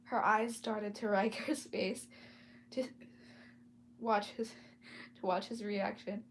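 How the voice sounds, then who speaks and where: A woman's voice: medium pitch, little pitch movement, takes it slowly, slight background noise. A woman casually reading a novel aloud, stumbling over words and breaking off for chatty asides. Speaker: storyteller.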